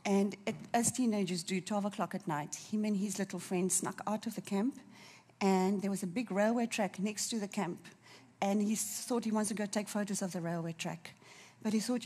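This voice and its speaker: A woman preaching a sermon, fervent and emotional, dropping to a soft near-whisper at tender moments. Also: medium pitch, fairly even intonation, normal speed, slightly rough.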